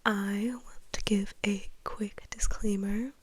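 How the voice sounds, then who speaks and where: A woman's voice: mid-range voice, little pitch movement, slow. Congested young woman whispering ASMR chat. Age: young adult. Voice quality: breathy whisper. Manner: rambling, giggly, self-deprecating. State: congested from a cold. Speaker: ASMR creator.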